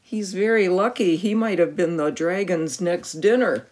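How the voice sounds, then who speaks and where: A woman reading a picture book aloud to a child, animated, with gasps and questions for the listener. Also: fairly low pitch, a little slow.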